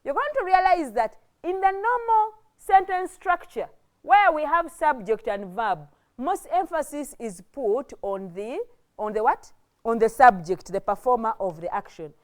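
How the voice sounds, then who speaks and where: Ugandan woman, teacher, fairly high voice, patient step-by-step explainer, classroom mic that drifts. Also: expressive, a little slow. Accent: Ugandan English. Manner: explains step by step, asks rhetorical questions. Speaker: English teacher. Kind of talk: classroom grammar lesson.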